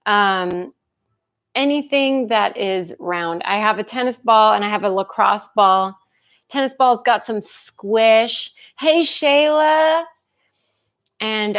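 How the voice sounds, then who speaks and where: A woman's voice: medium pitch, a bit bright. A woman instructor chatting casually with viewers before a live movement class, laughing often and greeting people by name. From United States.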